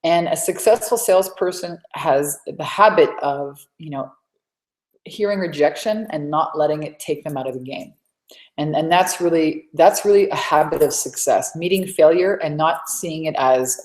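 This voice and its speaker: A woman's voice: low-pitched, moderate pace, a little mellow. A woman hosting a live coaching webinar from home, chatty and rambling with lots of restarts. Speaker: sales coach and webinar host. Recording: echoey room.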